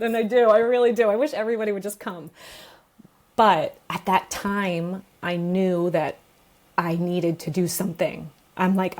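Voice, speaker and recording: A woman's voice: fairly low pitch, steady tone, moderate pace, darkish tone. A woman from New York, a guest on an interview, telling her story openly and emotionally and laughing often as she talks. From New York, USA. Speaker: guest, pelvic floor therapist.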